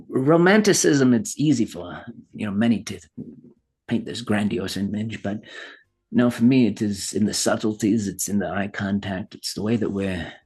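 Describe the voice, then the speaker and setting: A man doing a British accent as a genteel gentleman, musing in a lofty way. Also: on the low side, husky.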